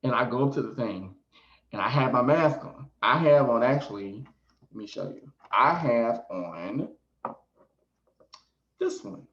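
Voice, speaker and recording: A man hosting a storytime vlog as a psychic reader, animated, often laughing and adding "okay?" asides. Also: mid-range voice, a little slow, long pauses. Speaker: psychic reader and video host. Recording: echoey room, slightly dull sound.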